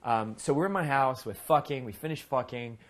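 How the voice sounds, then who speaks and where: This is a casual storytelling monologue from a man speaking as a dating coach. His voice is mid-range and fairly quick, and he tells his stories in a blunt, profane way while acting out the other people's lines.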